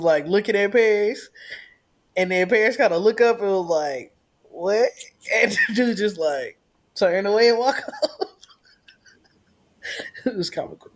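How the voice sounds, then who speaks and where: A young woman co-hosts a casual travel chat, trading relaxed, teasing remarks with her partner. Her voice sits in a middle pitch range. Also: normal speed, long pauses. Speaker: co-host.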